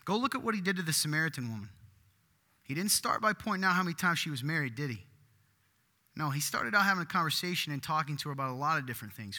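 Male pastor, fairly high bright voice, lively emphatic sermon delivery. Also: fast talker, in a large hall. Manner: animated, rising to loud emphatic bursts. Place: church.

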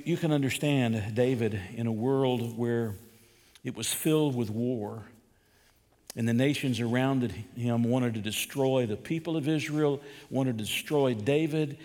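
A man's voice: medium pitch, darkish tone, in a large hall. A man preaching a sermon as pastor, posing rhetorical questions to his listeners and building emphasis as he goes.

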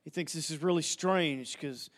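A man's voice: a little high, normal speed. A male pastor preaching a sermon in a church, telling stories with humor and repeating phrases. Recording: long reverb of a large hall.

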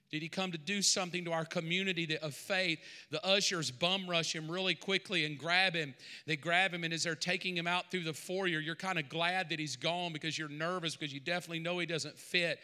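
A man's voice: on the high side, sharp tone, clear, resonant tone. A man pastor preaching a sermon, telling a vivid story in the second person. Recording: long hall reverb.

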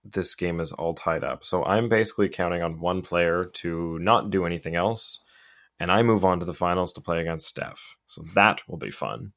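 A man chats about sports with a relaxed, easygoing flow. His voice is very deep, low in the chest. He sounds like a regular co-host trading takes. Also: normal speed. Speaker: podcast co-host. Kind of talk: casual sports chat.

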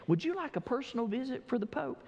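A woman's voice: high-pitched, big pitch swings, fast talker, a little mellow, big-room sound, dull audio, pitched above the performer's own voice, exaggerated voice. A male preacher voicing a woman customer recounting her trip in a joke. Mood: amused. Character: woman customer telling a travel story.

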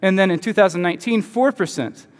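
A man with a fairly high voice gives a conversational lecture to a group, tossing rhetorical questions at them. His voice rings with a long reverb, as if in a big hall. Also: fast talker. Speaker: teacher.

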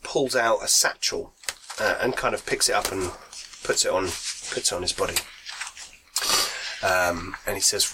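A man's voice: low voice, moderate pace, noisy background. A man narrating as game master, describing scenes in a loose, rambling way full of fillers.

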